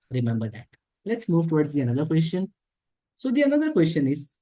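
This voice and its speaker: Her voice sits low and sounds mellow. Speaking with an Indian accent, this woman gives an exam-prep lecture in a mix of Hindi and English, going over key points more than once while drawing structures to explain them.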